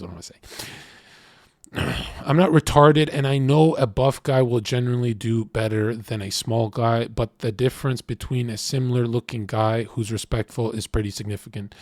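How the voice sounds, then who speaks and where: A man streaming, telling brash, profane stories in an animated rant. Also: medium pitch, no room sound, clean studio sound. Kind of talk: livestream rant.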